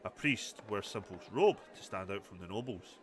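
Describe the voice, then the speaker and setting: A man voicing a humble older male high priest in a game, speaking calmly and courteously. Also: moderate pace, lightly acted.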